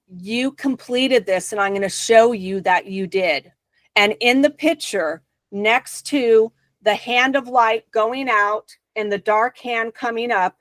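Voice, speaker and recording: A woman's voice: a little high, fairly bright tone, no echo. Earnest woman telling a spiritual story. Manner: earnest, emphatic personal testimony. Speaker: guest.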